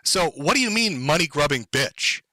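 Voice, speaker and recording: A man's voice: on the high side, lively intonation, normal speed, bright, forceful tone, no room sound, low-quality recording. A man live-streaming sarcastic, profane commentary, mocking and sardonic as he reacts to clips.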